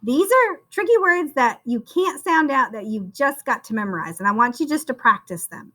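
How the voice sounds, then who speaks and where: A woman teacher giving a slow, sing-song phonics spelling lesson to young children, encouraging them and calling each one "friend". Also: high voice, expressive, pushed and bright.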